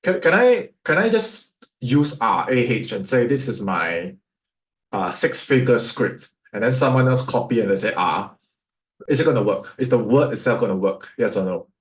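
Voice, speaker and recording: A man's voice: on the low side, animated, normal speed. A man with a Singaporean English accent, teaching sales as a coach, firing rhetorical questions at his listeners. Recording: echoey room.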